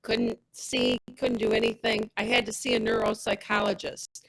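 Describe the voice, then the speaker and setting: Gravelly, animated woman telling her story. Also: medium pitch, normal speed, rough recording. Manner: animated, reenacts dialogue with others. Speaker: testimonial speaker, product rep. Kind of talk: personal testimonial story.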